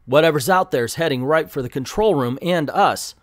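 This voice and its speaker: A man's voice: on the high side, moderate pace, no echo, studio quality, lightly acted. A man reading the lines of a proud winged alien woman warrior in a defiant, challenging tone.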